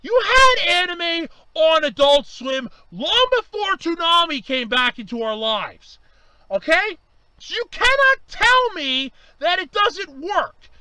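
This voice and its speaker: A man ranting angrily to camera, swearing and raising his voice to yelling, his voice strained from shouting. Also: very high voice, very animated, takes it slowly, dry recording, low-quality recording. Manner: heated, swearing, raises voice to yelling. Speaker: vlogger. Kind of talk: angry ranting monologue.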